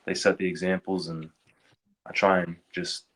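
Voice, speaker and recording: A man from the Philadelphia area, a wrestler guest, talking haltingly with repeated words and fillers. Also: low voice, level tone, fairly bright tone. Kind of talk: casual interview chat.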